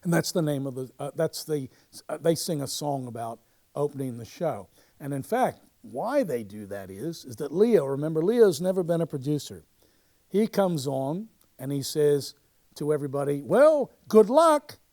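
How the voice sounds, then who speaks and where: A man, a local theatre society historian, narrating over show footage in a chatty, halting way with many fillers and restarts, lively when telling a story. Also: a little high.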